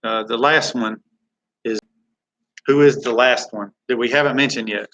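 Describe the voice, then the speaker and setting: A man's voice: mid-range voice, fairly even intonation, normal speed, a bit bright, lo-fi sound. A man hosting a live chat Q&A from a studio, rambling and reading viewer comments aloud. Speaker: live stream host.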